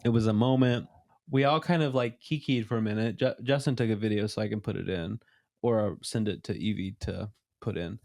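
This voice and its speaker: A man's voice: on the low side, fairly quick, creaky, a little mellow. A young man hosting a podcast in a casual chat, telling a story with lots of animation and frequent laughter. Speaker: podcast host.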